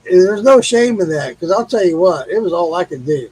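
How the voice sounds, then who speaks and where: A tipsy middle-aged man from Missouri hosts a casual late-night live stream, swearing freely and laughing often in a laid-back way. His voice is high-pitched, expressive, husky and darkish, at a normal speed. The recording is dry and low in quality.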